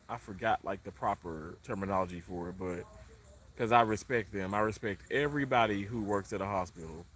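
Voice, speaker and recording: A man's voice: lowish voice, normal speed, a bit bright, slight background noise. A man chatting loosely with viewers during a livestream from his condo, rambling with many fillers. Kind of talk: casual live chat. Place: indoors in a condominium.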